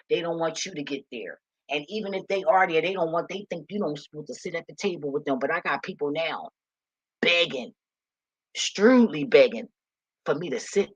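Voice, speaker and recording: A woman's voice: lowish voice, breathy edge. A woman giving a passionate, emotional and rambling casual monologue to her viewers. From Philadelphia. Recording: dull lo-fi recording.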